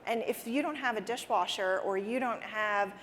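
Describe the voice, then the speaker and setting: A woman speaking earnestly as an interview guest, restarting her sentences and repeating words as she goes. Her voice sits at a middle pitch. It carries a long reverb, as if recorded in a large hall. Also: normal speed, fairly bright tone, a little hiss or hum. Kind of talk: conversational interview answers. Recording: reverberant hall with faint ambience.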